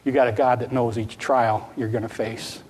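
A man's voice: mid-range voice, fairly even intonation, moderate pace, a little mellow, slight background noise. A man preaching a sermon, earnest and repetitive, sometimes acting out a child's pleading prayer. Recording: long reverb of a large hall.

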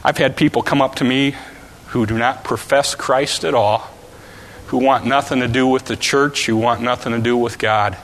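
Animated preacher in a reverberant hall. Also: male voice, medium pitch, normal speed, slight background noise. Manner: animated storytelling with volunteers, shouting acted calls. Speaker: pastor. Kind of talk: sermon.

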